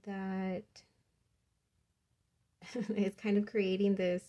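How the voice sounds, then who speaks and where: A young woman giving a casual tarot reading, talking softly and rambling with many fillers. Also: mid-range voice, flat delivery, drawn-out words. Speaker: tarot reader.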